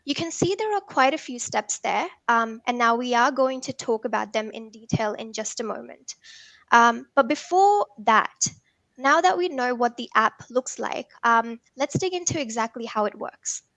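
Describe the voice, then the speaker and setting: Higher-voiced woman presenting a tech workshop. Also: animated, normal speed, a bit bright, no room sound. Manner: explanatory, frequent um and uh fillers.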